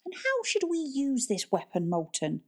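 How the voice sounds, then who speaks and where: A woman's voice: medium pitch, animated, brisk, darkish tone, lightly acted. A woman voicing Norbert, a protective uncle with a dry, sardonic manner, in an audiobook reading.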